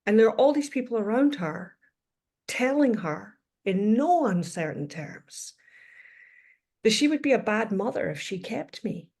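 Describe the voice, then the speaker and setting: A woman's voice: on the high side, animated, a little slow, darkish tone. A woman in her fifties, a podcast guest telling a personal story in a thoughtful, reflective way, often circling back to restate her points. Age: 50s.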